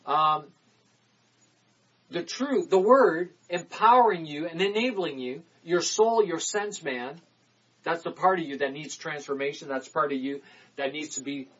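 A man preaching a sermon, emphatic, repeating phrases and swinging from loud declarations to quick muttered asides. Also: fairly high pitch, slightly rough, dull audio.

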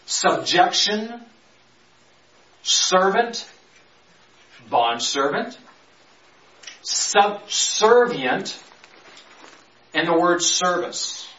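Guy preaching bible stuff, drags out the big words then rushes asides, kinda far from the mic, dull sound. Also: high voice, very animated, sharp tone. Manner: stretches key words slowly, rushes through asides. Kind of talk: conversational Bible teaching. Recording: roomy, distant, dull sound.

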